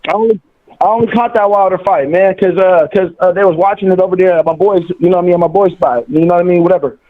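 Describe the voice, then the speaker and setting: A man's voice: sits high, quick pace. Slangy male caller on a tinny phone line. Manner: animated slang, repeats words. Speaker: caller, friend of the host. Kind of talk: casual call-in chat.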